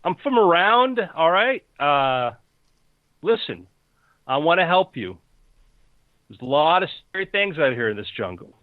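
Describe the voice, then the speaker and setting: A man's voice: a little high, big pitch swings, measured pace, long pauses, no echo, phone-quality sound, pitched above the performer's own voice. A man doing a laid-back jungle bro. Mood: placating. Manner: placating, easygoing surfer-bro talk.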